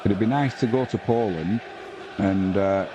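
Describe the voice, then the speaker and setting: Speaking unhurriedly in a lowish voice, with noise in the background, a man runs a live football watch-along. He commentates, chats easily with viewers, and reads out messages from the chat.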